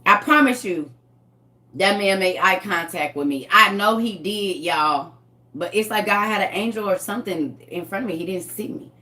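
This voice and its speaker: Bright, forceful woman telling a story. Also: medium pitch, normal speed. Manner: animated, emphatic, slangy. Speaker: storyteller addressing viewers. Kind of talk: casual storytelling.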